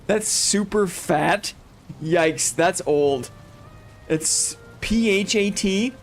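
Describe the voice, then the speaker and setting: Male streamer, high voice, rambling casual chat, laughs a lot. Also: slow, long pauses, soft background music. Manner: rambling, self-interrupting, laughs often. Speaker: streamer host. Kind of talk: casual chat while gaming, reading chat.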